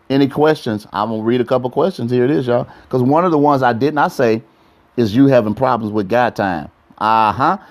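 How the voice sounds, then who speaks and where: Playful pastor preaching on a live stream. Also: male voice, medium pitch, darkish tone. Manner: playful and repetitive, addressing viewers directly. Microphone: phone live stream.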